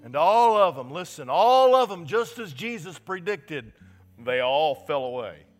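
A man preaching a fervent sermon in a fairly high voice, leaning hard on repeated words for emphasis. His voice rings out with a long reverb through a church sanctuary, while a guitar plays softly underneath. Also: sing-song, unhurried. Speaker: pastor. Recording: reverberant hall with soft guitar.

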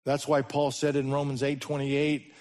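A man preaching a sermon as the pastor, his voice swinging between sudden loud rises and slow, hushed drops. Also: mid-range voice, monotone.

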